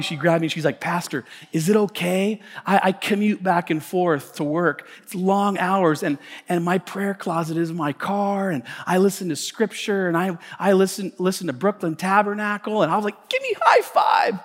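A man with an American accent preaching a conversational, animated sermon as pastor, often repeating words and acting out voices. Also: sits high, moderate pace, hardly any pauses. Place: church sanctuary. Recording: church hall reverb with music behind. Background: soft instrumental music.

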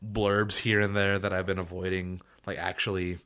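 Low-voiced man, hedging casually. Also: little pitch movement, moderate pace, sharp tone, smooth. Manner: hesitant, hedging with repeated fillers. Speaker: podcast co-host. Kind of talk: casual comic book chat. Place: small echoey room.

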